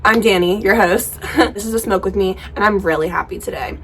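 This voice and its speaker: A woman's voice: mid-range voice, brisk, a bit bright, slight background noise. A woman hosting a casual stoner podcast, talking in a frank, profane, rambling way, recorded outdoors. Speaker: podcast host. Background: faint outdoor ambience.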